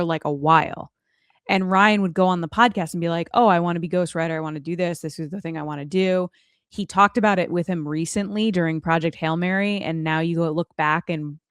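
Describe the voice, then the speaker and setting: A woman's voice: lowish voice, smooth, no room sound, clean studio sound. A woman hosting a casual podcast chat, leading the talk with chatty asides. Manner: chatty, leads the discussion with asides. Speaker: podcast host.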